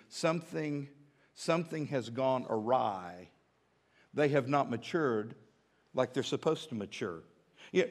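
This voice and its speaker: A man, preaching a sermon in a folksy, humorous way, often restarting his sentences and dropping to a quiet voice for asides. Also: medium pitch. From American South. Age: 50s. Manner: drops to a quiet, intimate tone for asides. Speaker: pastor.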